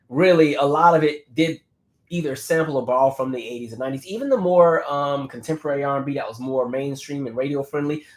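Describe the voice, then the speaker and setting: A slightly hoarse man hosts a laid-back livestream, talking through music memories and reading viewer comments. His mid-range voice wanders between topics with plenty of ums and restarts. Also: medium pitch. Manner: conversational, many fillers and restarts. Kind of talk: casual livestream chat.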